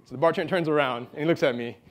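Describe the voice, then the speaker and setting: A man's voice: fairly high pitch, racing. Chatty man telling a story at an awards event. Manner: storytelling, frequent fillers and repeated words. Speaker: award honoree giving a speech. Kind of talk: informal acceptance speech. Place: event hall.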